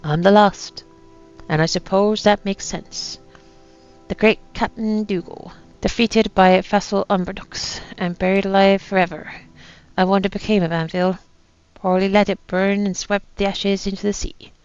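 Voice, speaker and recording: A woman voicing a bitter, dying old male pirate captain in a put-on pirate accent, reading his last words slowly. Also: medium pitch, flat delivery, a little mellow, faint music behind, lightly acted. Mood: bitter, weary. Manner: slow gravelly pirate accent, grim. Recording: dull lo-fi sound with faint ambience.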